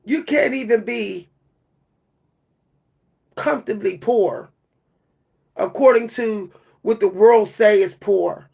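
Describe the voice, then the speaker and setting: A woman's voice: medium pitch, slow, creaky, long pauses, warm tone, slightly rough. A worn-out woman venting to her camera in an emotional monologue, repeating and stumbling over her words. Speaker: vlogger.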